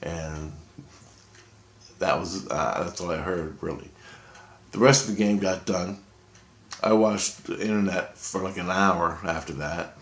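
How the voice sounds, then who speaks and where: Deep-voiced man rambling in an echoey room. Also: a little slow, pauses often. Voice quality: profane, excitable, talks in restarts. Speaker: vlogger. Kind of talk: rambling first-person storytelling.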